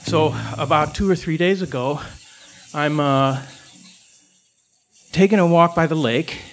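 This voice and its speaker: Older guy, high voice, rambly salty live story, lots of restarts. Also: measured pace, soft background music. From Chicago's South Side.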